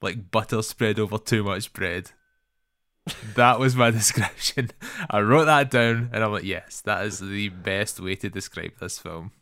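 A man's voice: lowish voice, a little slow, a bit bright, clear, resonant tone, dry recording, clean studio sound. A Scottish man co-hosting a podcast, bluntly and animatedly criticizing a film in casual chat and swearing freely. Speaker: podcast co-host.

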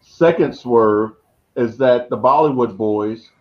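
Brief: man, mid pitch, casual podcast co-host, pushy questions, muffled lo-fi mic. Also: takes it slowly. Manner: lays out booking ideas, pushy questions. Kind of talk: casual wrestling chat.

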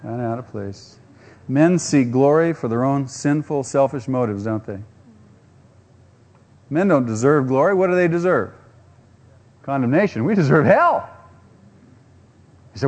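A man's voice: mid-range voice, expressive, measured pace, long pauses, darkish tone. A man preaching a sermon, using rhetorical questions and acting out quotes. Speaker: pastor.

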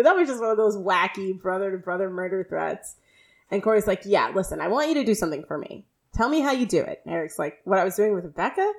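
A woman's voice: medium pitch, normal speed. Woman podcast co-host, chatty recap, laughs a lot, acts out quotes. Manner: laughing often, quoting characters in lively voices. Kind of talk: casual recap chat.

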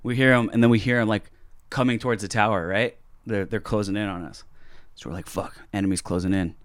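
A man's voice: lowish voice, steady tone, fast, no echo, studio quality. A man co-hosting a podcast who tells a rambling, profane story in casual chat. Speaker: podcast co-host.

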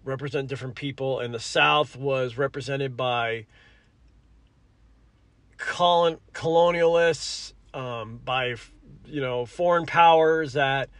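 A man's voice: mid-range voice, takes it slowly, a bit bright, dry recording. A man hosting a podcast in casual solo commentary. He rambles, corrects himself mid-sentence, swears, and apologizes often. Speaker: podcast host.

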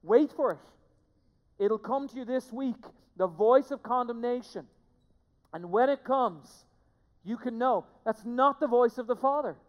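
Pastor, sermon, emphatic, repeats key phrases, hushed to loud, church sanctuary, long echoing reverb. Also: medium pitch, unhurried, muffled recording. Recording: long reverb of a large hall.

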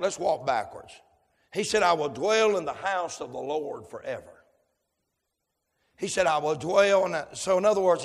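Fervent preacher man, gravelly and high. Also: long reverb tail. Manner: fervent preaching that swings from hushed to shouted. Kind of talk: sermon.

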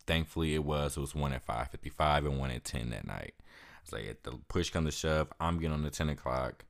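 A young man casually retelling a story for his vlog, with lots of "like" fillers and lively quoted asides. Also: very deep voice, a little fast, gravelly. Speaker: vlogger.

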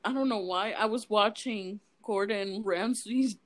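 A woman's voice: mid-range voice, measured pace. A young woman in casual chat, telling stories with lots of giggling. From United States. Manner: giggly, animated storytelling.

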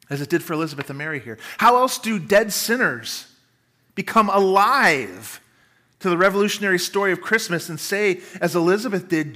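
A male pastor delivering a sermon with a high, bright voice. He preaches emphatically, slowing down for dramatic pauses and acting out the words of the people he quotes.

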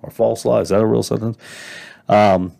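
A man's voice: lowish voice, fairly even intonation, moderate pace, gravelly, mellow. A man with a North Dakota accent hosting a podcast, arguing emphatically and rambling over a home mic setup. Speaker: podcast host. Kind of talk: casual solo commentary on Bible versions. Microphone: amateur home mic, moves off-mic when turning.

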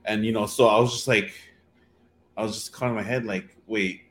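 A man's voice: fairly low pitch, steady tone, a little fast, fairly bright tone. A man in casual chat, telling a dating story in a rambling way with many fillers and restarts.

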